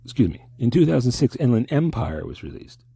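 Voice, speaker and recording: A man hosting an absurd comedy sketch, rambling and halting in a mock-formal way. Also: medium pitch, very animated, gravelly, warm tone, slightly rough, dry recording, clean studio sound.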